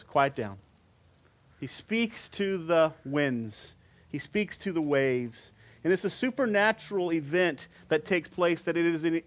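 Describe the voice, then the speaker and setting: Man preaching a slow, emphatic sermon. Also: on the high side. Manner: emphatic preaching with repeated phrases and pauses; slows down to stress scripture quotes.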